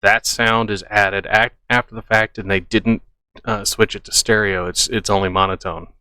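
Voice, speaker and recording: A man's voice: on the low side, fairly even intonation, normal speed, pushed and bright, clean tone. A man hosting a reaction video, giving casual, skeptical commentary as he debunks what he watches.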